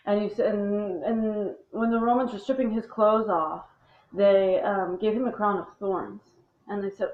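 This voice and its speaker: A woman's voice: mid-range voice, moderate pace. A woman speaking in a long rambling monologue, blunt and profane and full of restarts. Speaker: speaker on religion. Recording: tinny phone-like sound in an echoey room.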